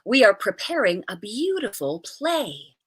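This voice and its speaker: A woman puts on a middle-aged male schoolteacher who is theatrical and strict. He barks orders briskly and leans into every word with a lively, swooping delivery and a bright edge. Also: a little high, breathy edge, exaggerated voice. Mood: commanding. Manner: brisk, commanding, dramatic.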